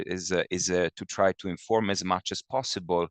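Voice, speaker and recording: A man giving an academic webinar lecture over a video call, halting with many fillers and often checking in with "okay?". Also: deep voice, steady tone, clear, resonant tone, no room sound. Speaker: academic presenter. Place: home or office, speaking from afar over the web. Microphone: video call computer mic.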